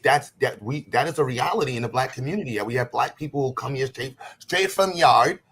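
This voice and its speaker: A man's voice: mid-range voice, quick pace, slight background noise. Thoughtful man on a stream. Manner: reflective, lays out ideas at length. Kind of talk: casual discussion on a stream.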